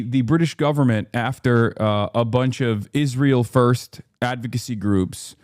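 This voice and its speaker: A man's voice: medium pitch, darkish tone, no room sound, studio quality. A man from the United States streaming live, ranting in a profane, exasperated way with lots of fillers and restarts. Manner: rapid run-on talk with many fillers and restarts.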